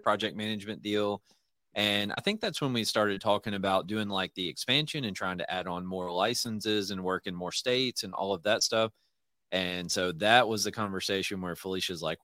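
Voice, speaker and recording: A low-pitched man with a drawl, hosting a relaxed interview show. His talk wanders, full of fillers and restarts, and the sound is close and dry. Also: normal speed, dry recording. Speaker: podcast host. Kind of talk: casual conversational interview.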